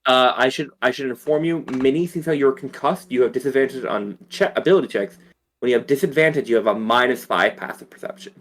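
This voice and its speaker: A man's voice: medium pitch, fast. A man narrating as dungeon master for a tabletop game, rambling with fillers.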